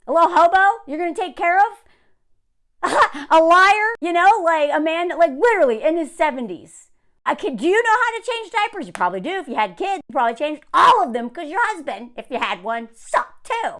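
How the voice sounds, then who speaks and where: A woman's voice: very high-pitched, fairly bright tone. A woman giving an opinionated commentary rant to camera in a sarcastic, scornful way. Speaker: commentary vlogger.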